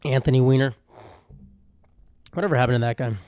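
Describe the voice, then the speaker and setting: A man's voice: medium pitch, a little fast, a little mellow, clear, resonant tone, no echo. Dry-sounding young man riffing irreverently. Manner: rambling, irreverent, self-mocking asides. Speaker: podcast host. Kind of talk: solo comedic podcast monologue.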